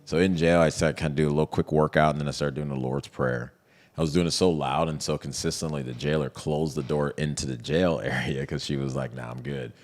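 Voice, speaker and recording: Very deep gravelly man telling a story. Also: brisk. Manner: animated, retells scenes with quoted voices. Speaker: interview guest. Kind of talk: casual storytelling interview.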